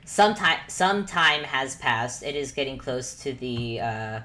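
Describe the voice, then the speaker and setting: Female game master with a deep voice and faint room hum. Relaxed, halting narration from home. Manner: laid-back, hesitant narration.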